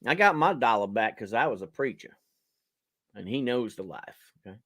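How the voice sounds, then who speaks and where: A man's voice: mid-range voice, expressive, moderate pace, fairly bright tone. A man, a preacher hosting a charity live stream from home, rambling and joking and laughing at his own lines. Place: home, indoors.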